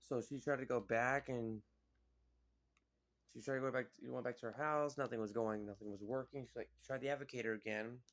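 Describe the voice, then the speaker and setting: A man's voice: medium pitch, steady tone, fairly quick. Rambling man recapping a film. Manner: rambling, filler-heavy, lots of "like" and "you know". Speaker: vlogger.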